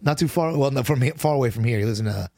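A man co-hosting a podcast, chatting casually about songs with rambling restarts, swearing often, his voice hoarse and worn out. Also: mid-range voice, rapid-fire, dark tone, no room sound, studio quality. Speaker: podcast co-host. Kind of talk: casual chat about music.

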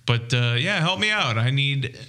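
A man co-hosting a casual gear podcast, chatty and halting, often repeating himself. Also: medium pitch, lively intonation, sharp tone. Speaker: podcast co-host. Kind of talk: casual chat.

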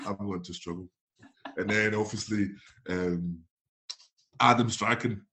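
A man's voice: fairly low pitch, measured pace. A man, a former footballer, casually telling an anecdote and acting out the dialogue with laughs. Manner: animated, acts out dialogue with laughs.

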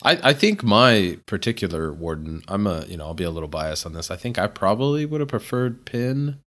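A man's voice: lowish voice, big pitch swings, fairly quick, fairly bright tone. A man co-hosting a gaming podcast, laid-back and a bit hesitant, slightly under the weather. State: a little sick. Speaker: podcast co-host. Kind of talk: casual gaming podcast chat.

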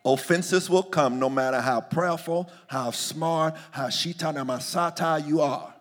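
Male preacher, gravelly, mid-pitched, call-and-response sermon, hushed to shouting. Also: normal speed, few pauses.

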